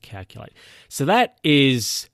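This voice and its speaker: A man's voice: mid-range voice, sing-song, slow pace, a bit bright, no room sound, studio quality. A man, casually recapping a TV show in a rambling, sweary way. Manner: rambling, sweary, chuckles often.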